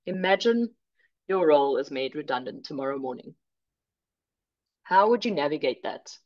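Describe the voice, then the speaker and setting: A woman from South Africa presenting an online workshop, clear and measured with light humor. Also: deep voice, muffled recording.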